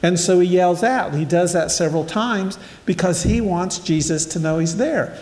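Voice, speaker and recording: A man's voice: high-pitched, moderate pace, darkish tone. An older man giving a casual sermon, reading scripture and then explaining it in a conversational, storytelling way while addressing his listeners directly. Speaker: preacher. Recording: echoey hall.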